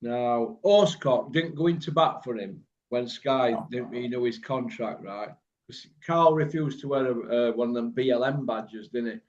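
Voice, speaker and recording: Rambling Birmingham man on a muffled call. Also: mid-range voice. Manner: blunt, rambling, quick to laugh. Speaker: host. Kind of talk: casual online chat. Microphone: video call. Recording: muffled lo-fi video call audio.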